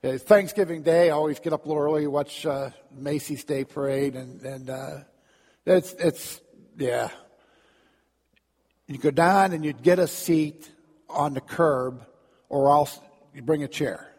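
A man's voice: a little high, a little slow, a little mellow, husky, in a large hall. A man preaching a sermon in a storytelling manner, often repeating words and acting out crowd voices. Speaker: pastor.

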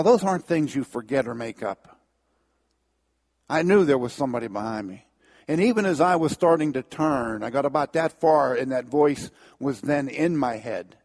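Earnest man telling his testimony. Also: medium pitch. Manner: earnest storytelling, swelling louder at key moments. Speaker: speaker giving a testimony. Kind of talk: personal testimony to an audience.

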